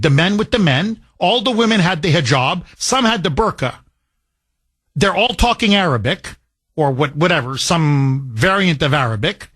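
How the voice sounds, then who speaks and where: A man's voice: high voice, fairly bright tone, slightly rough. A middle-aged man from Canada hosting a talk radio show, delivering an emotional, heated monologue.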